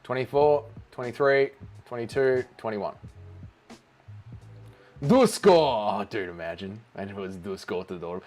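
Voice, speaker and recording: A man's voice: lowish voice, steady tone, brisk, soft background music. Joking man hosting a stream. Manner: joking banter, reading out chat. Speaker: livestream host. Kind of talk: casual watch-along stream chat.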